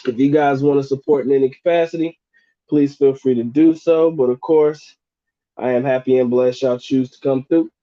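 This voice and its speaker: A man's voice: medium pitch, fairly even intonation, moderate pace, dark tone, dry recording. Joking slangy man on a dull stream. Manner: joking, slangy, laughs often. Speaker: livestream host answering chat questions. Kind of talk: casual live Q&A chat.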